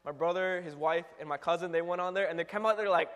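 A young man in a casual storytelling monologue, animated and full of filler words, acting out ride noises. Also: fairly high pitch, quick pace. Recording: long hall reverb.

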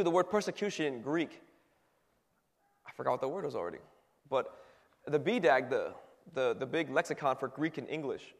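A man giving a relaxed, conversational sermon as a youth pastor, with plenty of "you know", "like" and restarts as he explains scripture. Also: fairly high pitch. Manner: conversational, many fillers and restarts. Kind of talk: casual sermon. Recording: long reverb in a hall.

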